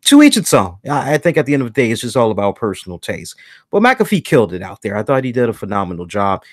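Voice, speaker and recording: Pitched on the high side, very animated and brisk, the wrestling podcast host's voice comes through clean with no room sound. Chatting casually about wrestling, he plays out his reactions and often restarts and repeats himself.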